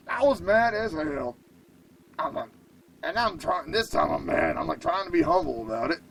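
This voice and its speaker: Animated gravelly man telling wild stories. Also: sits high, moderate pace, low-quality recording. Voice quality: gravelly, profane and excitable. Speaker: radio show host. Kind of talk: animated comic storytelling.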